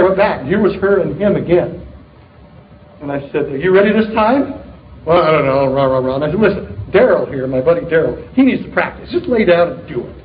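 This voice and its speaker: A man's voice: high voice, echoey room. A middle-aged man giving an upbeat motivational talk to a live audience, telling joking stories in a punchy way. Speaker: sales leader speaking at a distributor meeting. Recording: tinny, narrow-band recording of a live talk.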